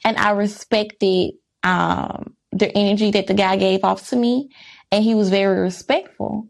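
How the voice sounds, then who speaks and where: A woman's voice: medium pitch, fairly even intonation, measured pace, vocal fry. A woman vlogging in casual monologue, emphatic and candid, firing off rhetorical questions. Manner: candid, reflective, faith-centered. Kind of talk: casual talking-to-camera monologue.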